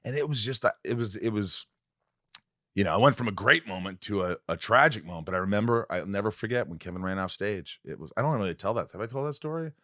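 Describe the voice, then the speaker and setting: A man's voice: fast talker, dry recording, clean studio sound. A man hosting a podcast, telling a story with feeling and acting out what people said. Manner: animated, acts out quotes with big pitch swings. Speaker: podcast host. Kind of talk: emotional storytelling in casual conversation.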